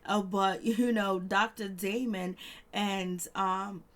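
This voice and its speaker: A woman with talks through a reality TV episode in a loose, chatty way. She laughs a lot and slips into lively voices when quoting people. Her voice sits in a middle pitch. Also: slow. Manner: chatty, laughing, acts out quotes in animated voices. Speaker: reality TV recap host. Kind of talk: casual recap commentary.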